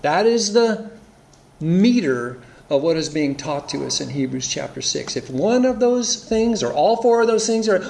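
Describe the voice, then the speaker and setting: A man's voice: a little high, very animated, moderate pace, vocal fry, darkish tone, slight background noise. A man preaching an earnest expository sermon, reading scripture aloud and explaining it. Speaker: pastor.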